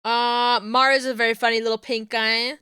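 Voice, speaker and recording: Giggly high-voiced woman streamer. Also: moderate pace, clear, resonant tone, dry recording, clean studio sound. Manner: giggly, animated storytelling. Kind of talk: casual stream chat.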